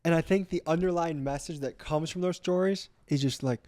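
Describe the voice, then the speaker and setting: A man's voice: a little high, fairly quick, no room sound. A young man guesting on a podcast, telling stories earnestly and acting out quoted voices as he goes. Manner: earnest, animated storytelling with quoted asides. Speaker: guest, documentary filmmaker. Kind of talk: casual podcast chat.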